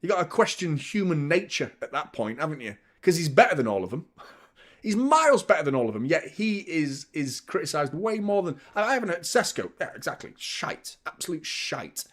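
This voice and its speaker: A man hosting a live football watchalong, chatting opinions and commenting on play, swearing freely and getting loud at big moments. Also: a little high, big pitch swings, a little fast. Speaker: host of a football fan channel.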